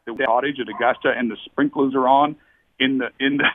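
A man's voice: mid-range voice, a little fast, no room sound. Man on a tinny phone line. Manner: animated, profane storyteller who calls people mate. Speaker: podcast guest, former tour golfer. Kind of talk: casual storytelling chat. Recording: dry, thin phone-line sound.

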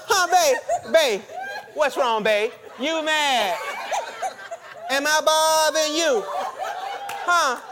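A man in a sermon voicing his wife as a sassy, teasing woman, taunting him in a high singsong voice.

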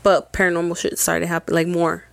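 Here a young Mexican podcast co-host relays a ghostly experience in easygoing chat, swearing often, very animated, and mixing in Spanish. She speaks fast in a lowish, creaky voice, and there's no echo.

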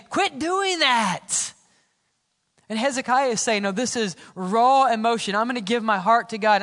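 High-voiced, bright preaching man. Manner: dynamic preaching, swinging from loud to hushed. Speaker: pastor. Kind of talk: sermon. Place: church sanctuary. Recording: church hall reverb.

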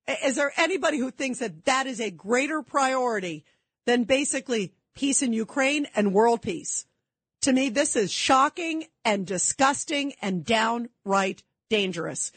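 A woman's voice: on the high side, lively intonation, unhurried, fairly bright tone, husky, no room sound. A woman hosting a talk radio call-in show, speaking in an indignant, emphatic way.

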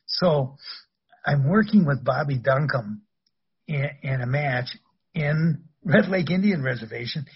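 Older male guest, very husky voice, rambling storyteller, dull lo-fi recording. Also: medium pitch, expressive, unhurried. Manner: rambling, anecdotal, laughs through stories. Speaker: guest, former wrestler. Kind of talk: casual storytelling interview.

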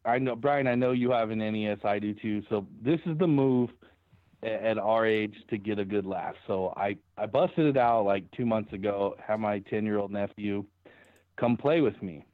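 A man's voice: lowish voice, normal speed, dry recording. A man co-hosting a podcast in casual chat, laughing through his stories. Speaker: podcast co-host. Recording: tinny phone-like line.

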